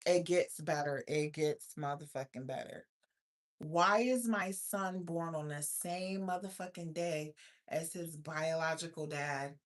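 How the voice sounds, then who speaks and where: A woman's voice: sits low, unhurried. Blunt, profane woman in her thirties. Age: 30s. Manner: blunt, profane, animated ranting. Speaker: livestream host. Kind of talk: casual livestream chat reading viewer comments.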